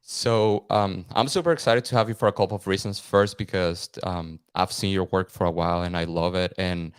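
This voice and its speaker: A man's voice: deep voice, steady tone, a little fast, smooth, no room sound, studio quality. A man hosting a podcast, upbeat and friendly, introducing his guest with fillers. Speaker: podcast host. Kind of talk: casual interview hosting.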